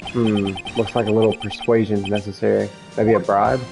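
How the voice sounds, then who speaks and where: A man's voice: on the low side, flat delivery, normal speed, vocal fry. A man voicing an earnest, slightly unsure young male lawyer, over game music. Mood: plain. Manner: plain, a little unsure.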